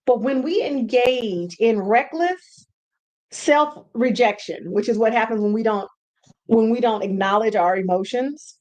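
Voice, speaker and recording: Animated woman coaching at home. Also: fairly high pitch, unhurried. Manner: animated, repeats words for emphasis. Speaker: podcast host and brand coach. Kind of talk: casual teaching talk.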